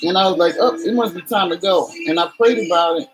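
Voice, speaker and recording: A woman's voice: on the low side, fast talker, slight background noise, low-quality recording. A woman in her forties, a vlogger chatting candidly and emotionally to her viewers while doing her makeup.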